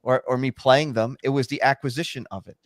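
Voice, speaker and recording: A man chatting as a guest, telling relaxed stories. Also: mid-range voice, a little fast, no room sound, studio quality. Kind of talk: casual chat.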